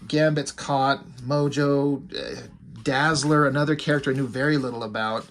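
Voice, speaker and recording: A man's voice: medium pitch, fairly even intonation, normal speed, a bit bright. A man giving a casual, rambling comic book review, full of "like" and "you know" and blunt, mocking asides. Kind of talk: casual video commentary.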